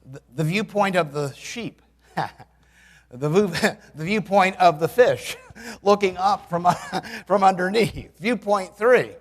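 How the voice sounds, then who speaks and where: In a church sanctuary, a man in his sixties delivers a sermon full of animated stories, dry humor and sudden loud exclamations. His voice is high and unhurried, trailing off into a long reverb tail.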